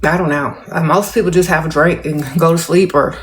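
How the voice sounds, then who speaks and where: A woman's voice: low voice, steady tone, slight background noise. Restrained middle-aged woman streaming live. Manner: talks with little mouth movement, restrained and measured; drawling and playful, calls viewers darling and y'all. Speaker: livestream host. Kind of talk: casual livestream chat answering comments.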